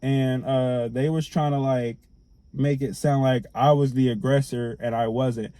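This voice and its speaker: A young man telling a storytime to camera, animated and slangy, swearing as he retells. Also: medium pitch, a little slow, noisy background.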